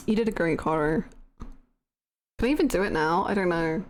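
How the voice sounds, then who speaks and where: A young British woman hosting a casual game stream, reading viewer comments in giggly, bashful, animated bursts. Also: fairly low pitch, background noise. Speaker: livestream host.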